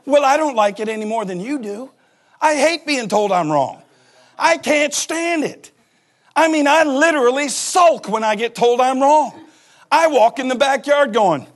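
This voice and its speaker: A man's voice: extremely high pitch, animated, moderate pace. A man in his forties, a pastor giving a humorous sermon and acting out little scenes as he laughs. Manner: joking storyteller who acts out voices and laughs.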